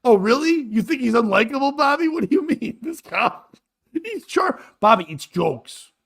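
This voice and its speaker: A man's voice: extremely high pitch, big pitch swings, moderate pace, creaky, fairly bright tone, breathy edge. A man hosting a casual comedic chat show, reading out texts, mocking them crudely and laughing often. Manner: reads out texts and riffs on them. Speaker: host.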